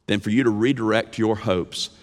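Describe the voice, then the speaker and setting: A man preaching a sermon as pastor, animated, swinging from emphatic lines to hushed ones. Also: fairly low pitch, moderate pace, long reverb tail. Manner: animated preaching with sudden drops to a hush. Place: church sanctuary.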